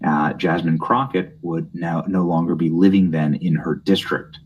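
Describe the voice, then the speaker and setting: A man's voice: deep voice, normal speed, muffled recording, a little hiss or hum. A young man hosting a political commentary show, reading news aloud with mocking, snide asides.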